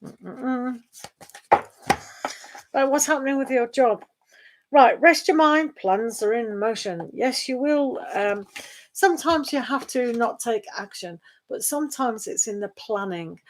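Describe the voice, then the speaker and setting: A woman's voice: on the high side, unhurried, slight background noise. Chatty woman reading tarot. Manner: chatty and rambling, with frequent laughs. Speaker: tarot reader. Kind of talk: casual live-stream chat.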